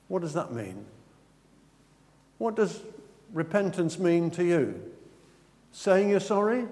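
A man's voice: fairly high pitch, a little mellow. A man preaching a sermon in a conversational way, often putting questions to his congregation. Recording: long reverb of a large hall.

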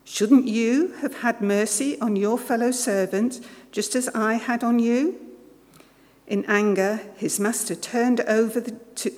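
A woman reading a Bible passage aloud in a steady, careful way during a church service. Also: a little high, measured pace. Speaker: scripture reader. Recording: long reverb of a large church.

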